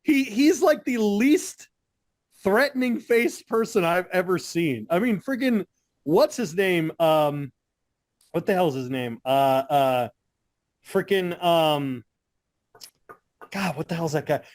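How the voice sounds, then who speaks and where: A man's voice: high voice, expressive, takes it slowly, pauses often, no room sound, clean studio sound. A man co-hosting a wrestling podcast, ranting in casual chat with frequent swearing and laughter. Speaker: podcast co-host.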